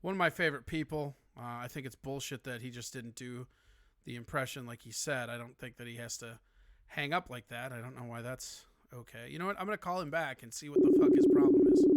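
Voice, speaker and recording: A man's voice: medium pitch, a little fast, no room sound. A man hosting a casual call-in show, teasing and joking with his guest. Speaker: host.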